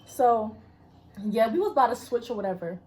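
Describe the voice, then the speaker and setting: A young woman with a high voice tells a school story in casual chat. She talks bluntly and swears freely, and she acts out the other people's lines as she goes. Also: normal speed. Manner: blunt, profane, animated storyteller.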